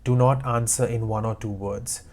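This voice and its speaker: A man's voice: medium pitch, steady tone, normal speed, darkish tone. A man teaching IELTS speaking tips, giving direct, emphatic advice in short repeated commands. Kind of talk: instructional talk to camera.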